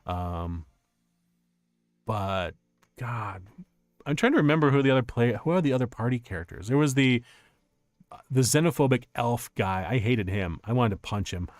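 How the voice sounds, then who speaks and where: A young man streaming casual chat, telling stories in an animated, rambling way with many restarts. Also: medium pitch, normal speed, pauses often, no echo, clean studio sound.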